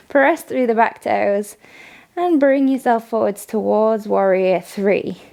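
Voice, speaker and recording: A woman leading a morning yoga class, giving calm step-by-step cues and frequent praise. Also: a little high, moderate pace, vocal fry, a little hiss or hum. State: has the hiccups. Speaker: yoga instructor. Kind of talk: guided yoga class instruction.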